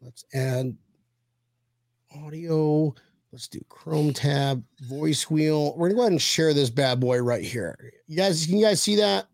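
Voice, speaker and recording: A man's voice: fairly high pitch, measured pace, a little mellow, no room sound. A man hosting a casual fan podcast over a video call, rambling and repeating filler phrases as he sets things up. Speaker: podcast host. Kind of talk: casual chat.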